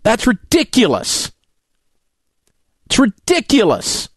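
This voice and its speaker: A man's voice: extremely high pitch, huge pitch swings, slow pace, no echo, studio quality. A middle-aged man, hosting a talk radio show and delivering an angry, indignant rant full of name-calling. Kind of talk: ranting talk radio monologue.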